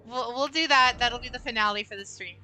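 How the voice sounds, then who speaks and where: A young adult woman livestreams a game, chatting casually and rambling to her viewers with plenty of fillers. Her voice is fairly high, fairly quick, bright and forceful, with faint music in the background.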